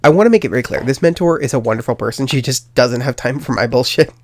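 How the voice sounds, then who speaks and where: A man's voice: mid-range voice, quick pace, dry recording. A young man hosting his own podcast, telling a personal story in a rambling, self-deprecating way with lots of fillers. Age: young adult. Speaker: podcast host. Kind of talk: casual storytelling monologue.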